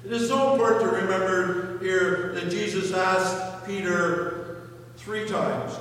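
Slow-preaching man in an echoey church. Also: sits high, fairly bright tone. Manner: slow, questioning, dramatic retelling of scripture. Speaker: pastor. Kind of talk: sermon. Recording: echoey hall from far off, faint hum.

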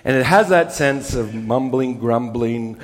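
A male pastor preaching a sermon with emphasis, dropping low and soft on key words. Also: a little slow, big-room sound.

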